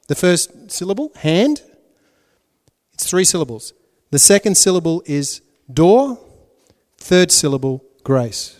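A male pastor preaching a sermon, swinging between loud emphatic lines and hushed, prayerful ones. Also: on the high side, long reverb tail.

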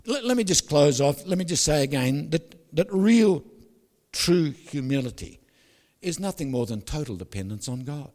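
Pastor with a ringing hall echo. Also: male voice, on the high side, moderate pace. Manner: animated storytelling with jokes, asks the crowd "is that right?". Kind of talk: sermon.

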